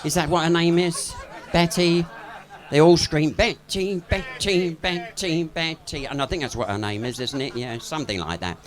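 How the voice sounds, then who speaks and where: A man's voice: a little high, fairly quick, a faint crowd. A man doing cheeky, gossipy stand-up patter as a cabaret comedian on a pub stage before a live audience. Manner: camp, cheeky, gossipy storytelling with laughs.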